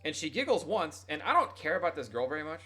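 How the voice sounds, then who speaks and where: A young man streams and tells a meandering story to his chat, full of swearing and jokes at his own expense. His voice is bright and forceful, with a little game music playing faintly underneath. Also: on the high side, big pitch swings, fast talker, slightly rough. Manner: rambling, profane, self-mocking.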